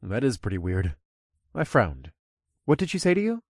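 Man narrating an audiobook, lively up-and-down voice, expressive first-person storytelling, dry close sound. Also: fairly low pitch, normal speed, no echo.

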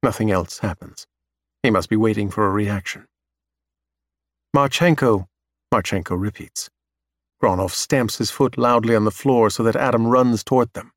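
With a lowish voice and moderate pace, a male narrator reads a science fiction story in steady, even storytelling style. The scripted audiobook recording is dry, with clean studio sound.

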